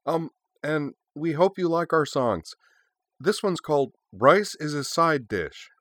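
A man putting on a breathy, high-pitched teen girl singer. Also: animated, slow, fairly bright tone, dry recording, clean studio sound. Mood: flustered chirpy. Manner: rambling, flustered. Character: scatterbrained cheerful teenage girl band singer.

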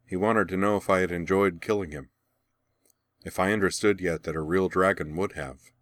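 A man's voice: sits low, fairly even intonation, moderate pace, fairly bright tone, no echo, clean studio sound. A man reading the part of a brooding young man who speaks wryly and matter-of-factly. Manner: wry, matter-of-fact. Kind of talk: audiobook character reading.

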